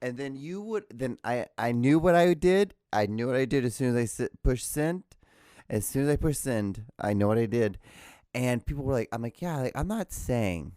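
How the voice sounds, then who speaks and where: A man's voice: mid-range voice, animated, moderate pace, dark tone, smooth, no echo. A man hosting his own solo podcast, rambling and ranting with crude, profane jokes into a close mic. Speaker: podcast host. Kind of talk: solo comedic rant podcast.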